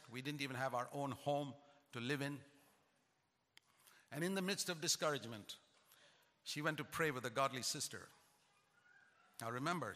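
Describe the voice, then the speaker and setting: An older man preaching a sermon, emphatic and rising in pitch to stress his points. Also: sharp tone. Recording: long hall reverb.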